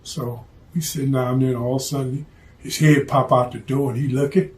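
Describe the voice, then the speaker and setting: A man's voice: medium pitch, steady tone, a little fast. A man telling a story from his past in a blunt, profane, streetwise way.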